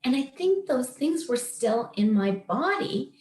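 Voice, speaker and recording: A woman in her late fifties speaks as a wellness coach, earnest and emphatic as she shares an inspirational personal story. Her voice sits a little high. The recording carries a noticeable room echo. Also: sing-song, measured pace, darkish tone. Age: 50s. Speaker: wellness coach leading a meditation session. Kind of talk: heartfelt storytelling and coaching talk.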